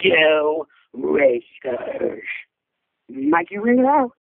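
A proud, fired-up male fan on a tinny phone line, his voice quite high. The sound is dry and close. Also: very animated, drawn-out words, vocal fry, background noise. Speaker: fan caller. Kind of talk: call-in message.

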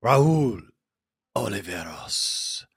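A man hosting a sports fan call-in show, excitable, often laughing and calling callers brother. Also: fairly low pitch, extremely slow, heavy background noise. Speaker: podcast host.

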